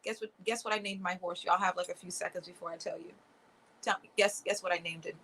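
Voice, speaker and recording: A woman's voice: fairly low pitch, fairly even intonation, fast, fairly bright tone, a little hiss or hum, rough recording. A woman hosting a live watch party, talking to viewers in a sarcastic, exasperated and chatty way. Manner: sarcastic, exasperated running commentary, lots of "like" and "y'all". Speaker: livestream host.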